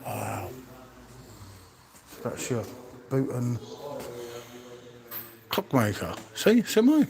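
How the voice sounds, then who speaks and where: Amid a loud crowd, a middle-aged man with a mid-range voice full of wild pitch swoops and vocal fry talks very slowly on a live walk-around. He marvels at the old exhibits in an indoor museum and chats with viewers by name, his handheld phone picking up the sound.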